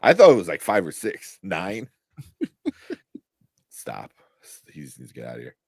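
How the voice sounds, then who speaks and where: Deep-voiced man chatting casually. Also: huge pitch swings, slow, gravelly, no room sound, studio quality. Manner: rambling, many fillers and restarts. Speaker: podcast co-host. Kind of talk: casual chat.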